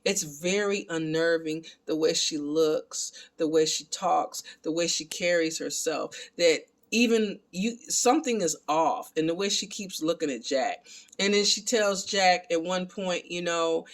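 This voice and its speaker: A man giving a casual, animated recap of a film and talking to his viewers as family. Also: fairly high pitch, unhurried. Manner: animated, excitable retelling. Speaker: film reviewer.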